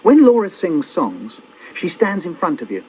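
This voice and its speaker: A man's voice: sits high, huge pitch swings, moderate pace, warm tone, husky. A man performing his own children's poems in a playful, theatrical way, slipping into little character voices. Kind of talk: performed poetry reading for children. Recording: dull old cassette copy.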